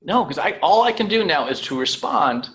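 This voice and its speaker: Animated male sales trainer. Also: a little high, normal speed, rough recording. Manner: lively, repeats "right?" and "okay?", acts out calls. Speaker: real estate sales trainer. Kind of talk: live sales training talk.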